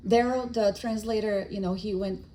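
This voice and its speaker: A woman's voice: medium pitch, normal speed, low-quality recording. A middle-aged woman giving a spiritist lecture, telling stories and acting out the dialogue, with frequent restarts. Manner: animated storytelling with acted-out dialogue.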